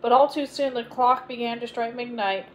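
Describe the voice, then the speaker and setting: A woman reading a children's fairy tale aloud as a bedtime story, in a gentle, clear read-aloud manner. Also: on the high side, fairly even intonation, normal speed, a little hiss or hum, rough recording. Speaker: storybook reader.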